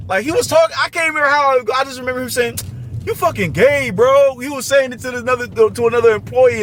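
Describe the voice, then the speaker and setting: High-voiced New man ranting. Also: fairly bright tone, slight background noise. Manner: profane, slangy, restless and repetitive. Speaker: boxing commentator. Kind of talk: casual commentary rant.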